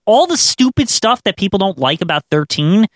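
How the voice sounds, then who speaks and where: Man, fairly high voice, dry mic, laid-back podcast co-host who hedges and restarts. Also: very animated, fairly quick, no echo. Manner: loose, agreeable, many fillers and restarts. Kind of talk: casual podcast chat.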